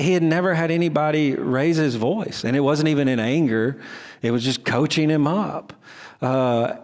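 A man's voice: on the high side, darkish tone. A middle-aged man preaching a sermon as pastor, conversational and self-deprecating, often restarting his sentences. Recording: long hall reverb.

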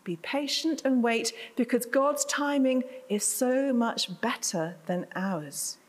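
A woman's voice: a little high, slow pace. A woman preaching a sermon to her congregation, chatty, with self-deprecating asides. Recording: reverberant hall.

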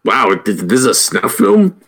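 A man's voice: mid-range voice, big pitch swings, normal speed, vocal fry, fairly bright tone, husky. A man co-hosting a casual podcast, teasing and stammering with repeated words. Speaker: podcast co-host.

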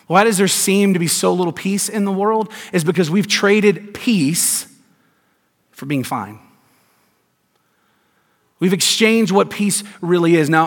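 Male pastor, slightly high voice, emphatic sermon delivery with rhetorical questions, long hall reverb.

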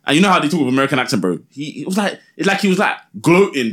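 A man's voice: a little high, animated, very fast, fairly bright tone. A young man, repeatedly pressing his question in a podcast debate. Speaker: podcast co-host. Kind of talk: heated casual debate.

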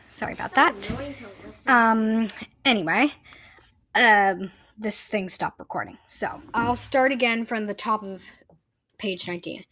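A woman's voice: medium pitch, normal speed, a bit bright, dry recording, studio quality. A woman reading a children's novel aloud in a plain, unpolished way, with occasional slips and restarts. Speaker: reader.

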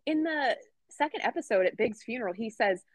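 A woman's voice: on the high side, animated, brisk, no room sound. A young woman co-hosting a podcast, chatting casually and animatedly, swearing and laughing often. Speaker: podcast co-host. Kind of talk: casual chat.

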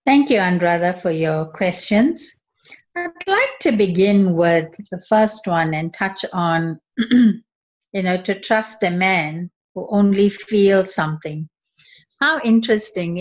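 A woman guest talks on a podcast in a reflective way and poses rhetorical questions. Her voice sits low. The recording sounds dull and lo-fi. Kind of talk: interview conversation.

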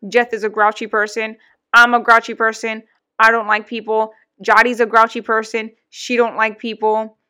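Young woman podcast co-host, slightly higher voice, blunt casual venting with swearing. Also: little pitch movement, moderate pace, bright, forceful tone, clear, resonant tone. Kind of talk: casual chat.

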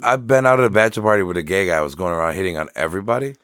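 A man in his twenties co-hosting a podcast, loud, joking and profane as he tells stories. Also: low-pitched, very fast, smooth, no room sound, studio quality. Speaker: podcast co-host. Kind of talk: casual podcast chat.

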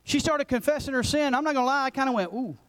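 A man in his forties, a pastor preaching a passionate sermon that swings between loud urgency and hushed intensity. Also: extremely high pitch, racing, poor audio. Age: 40s. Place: church sanctuary.

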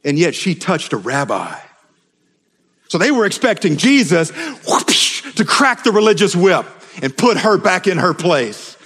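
A man preaching a sermon with passion, dropping to a hush and rising to shouts. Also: high voice, sing-song, a little slow, husky. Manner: impassioned, swings between hushed and shouted. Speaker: pastor. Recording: long hall reverb.

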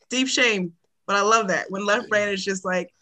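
A woman's voice: mid-range voice, bright, forceful tone. A woman talking as a podcast guest in casual chat, enthusiastic and laughing often, with frequent hesitations.

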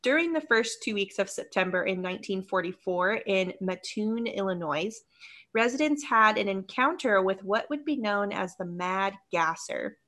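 A woman co-hosts a casual podcast and walks through a local legend from her notes. Her voice is bright and clear, and she laughs easily between facts. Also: mid-range voice, moderate pace. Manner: giggly, lively storyteller who laughs often. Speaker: podcast co-host.

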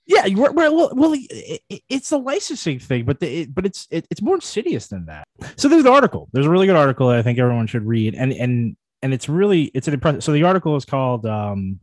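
A man's voice: on the low side, dry recording, clean studio sound. A man co-hosting a casual podcast chat, rambling with frequent restarts and laughter. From moved to New Jersey from elsewhere. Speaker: podcast co-host.

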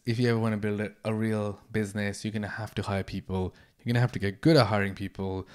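A man hosting his own podcast in a casual solo monologue, blunt and energetic, swearing freely. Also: lowish voice, smooth. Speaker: podcast host, entrepreneur.

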